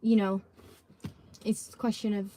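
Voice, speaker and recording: A woman's voice: medium pitch, little pitch movement, unhurried, warm tone, slight background noise. Hesitant young woman chatting. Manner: hesitant, many fillers. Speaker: host. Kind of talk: casual chat.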